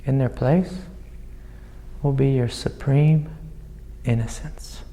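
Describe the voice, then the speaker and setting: A man with a gravelly, mellow voice guides a student as a spiritual teacher. He speaks gently and soothingly, with a long reverb from the hall around him. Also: mid-range voice, fairly even intonation, takes it slowly. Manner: gentle, soothing, calls the listener sweetie. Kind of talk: satsang guidance to a student.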